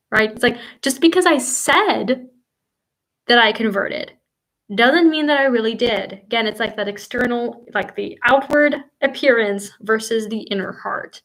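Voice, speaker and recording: Warm-up host for a literature livestream: a woman, fairly high-pitched, eager and chatty, full of "you know"s. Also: unhurried, rough recording. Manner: enthusiastic, gushing, with frequent fillers. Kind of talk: casual livestream book discussion. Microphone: home livestream mic.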